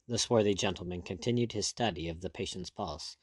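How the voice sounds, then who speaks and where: A man narrating an adventure novel in a measured, expressive storytelling voice. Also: sits low, no echo, studio quality. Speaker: audiobook narrator.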